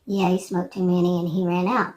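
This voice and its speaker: A woman's voice: fairly low pitch, level tone, fairly quick, darkish tone. A woman in her sixties chatting casually on her vlog, wandering from thought to thought with hesitant restarts. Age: 60s. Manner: meandering, hesitant, many restarts and fillers. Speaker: vlogger. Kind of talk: rambling casual chat.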